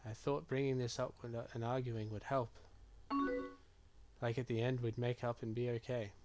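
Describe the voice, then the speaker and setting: A man streaming a game, reading typed chat messages and reply choices aloud in a low-key, musing way. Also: level tone, normal speed, over loud music. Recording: clear keyboard typing behind voice.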